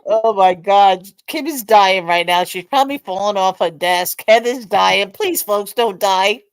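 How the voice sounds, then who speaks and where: A woman's voice: medium pitch, unhurried, clean tone, no echo. A woman hosting a live stream over a call, chatty, relaying comments from the chat.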